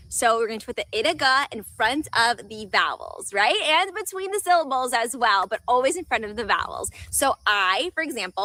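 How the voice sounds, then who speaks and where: A woman's voice: fairly high pitch, animated, moderate pace, few pauses, bright, forceful tone. A woman presenting an instructional video, patiently encouraging the viewer step by step. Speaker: tutorial presenter.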